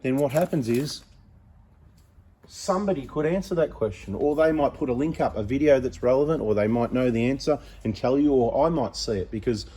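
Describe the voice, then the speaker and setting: In a casual vlog to camera, a middle-aged mechanic who runs a parts business talks bluntly and rambles. His mid-range voice is husky, brisk, and dark in tone.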